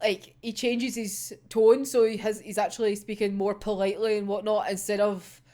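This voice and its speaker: A woman's voice: mid-range voice, flat delivery, moderate pace, mellow. A young woman chatting casually as a manga reaction vlogger, sweary and dramatic, laughing often and rambling with fillers. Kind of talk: casual chat.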